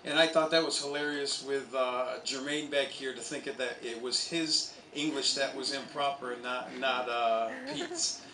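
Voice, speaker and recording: A man's voice: medium pitch, moderate pace, hardly any pauses, pushed and bright, roomy sound, recorded from a distance, a little hiss or hum, rough recording. A man, a college soccer coach, telling stories at an outdoor memorial speech. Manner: anecdotal storytelling, with chuckles. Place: outdoor stadium.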